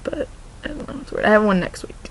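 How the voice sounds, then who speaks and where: This young adult vlogger from Oregon in the US speaks fast and animatedly at a medium pitch. The recording is poor, with a little hiss or hum. Her chat is rambling and full of restarts, with "like" showing up in nearly every line.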